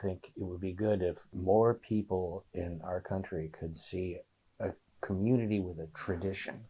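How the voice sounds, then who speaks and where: Male interviewer, low, dark and husky voice. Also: fairly even intonation, normal speed, rough recording. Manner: brief reactive interjections. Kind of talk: casual interview.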